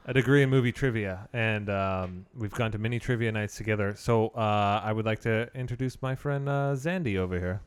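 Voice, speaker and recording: A man co-hosting a podcast, chatting casually with playful quick jokes. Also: fairly low pitch, smooth. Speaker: podcast co-host. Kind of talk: casual chat.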